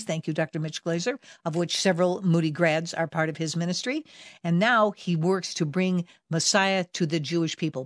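A woman's voice: fairly low pitch, dry recording, studio quality. A woman hosting a Christian radio talk show, speaking emphatically and conversationally and building toward pointed questions.

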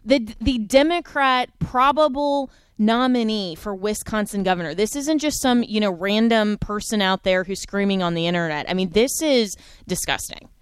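Smooth-voiced indignant woman host. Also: medium pitch, normal speed, few pauses, no echo. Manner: indignant, emphatic. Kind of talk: radio talk show hosting.

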